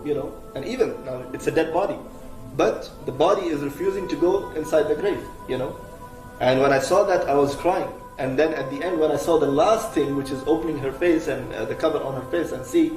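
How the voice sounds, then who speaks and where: A man's voice: fairly high pitch, a little mellow. A man preaching as he retells a religious story in a conversational way, with many fillers, restarts and Arabic religious terms. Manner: conversational, full of "you know" fillers and restarts. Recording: roomy, from a distance, faint music behind.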